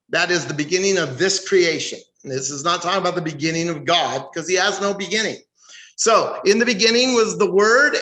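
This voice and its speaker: An American man teaches a Bible study like a sermon, emphatic and fond of rhetorical questions. His voice sits high for a man. It echoes around a roomy church hall. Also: bright, forceful tone. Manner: emphatic, reads scripture aloud and asks rhetorical questions. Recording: echoey room.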